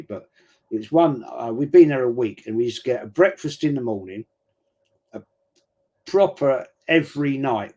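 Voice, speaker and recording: A middle-aged man talks over a football game in a relaxed, rambling way. His voice sits at an ordinary middle pitch, and his casual slang gives the talk a blokey, chatty feel. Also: husky. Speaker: watch-along streamer. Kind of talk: casual live chat during a football match.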